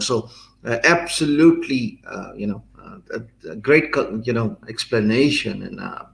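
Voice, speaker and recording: A man hosting a live-streamed interview show, who sums up his guest's points in a measured way with frequent hesitations. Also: medium pitch, creaky, low-quality recording. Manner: measured, many "uh" fillers, summarizes guest. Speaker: show host.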